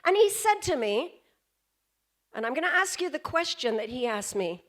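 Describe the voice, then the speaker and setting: A woman giving a storytelling keynote at a convention, pausing for effect and putting questions to the audience. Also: sits high, very animated, a bit bright. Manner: dramatic pauses, questions to the audience. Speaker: keynote speaker. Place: convention stage.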